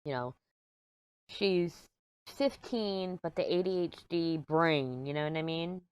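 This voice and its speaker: Low-voiced woman rambling, dry close sound. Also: slow pace, clear, resonant tone, no echo. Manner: rambling and agitated, venting frustration. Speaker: crafting vlogger. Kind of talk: casual rambling chat. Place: small room at home, door closed.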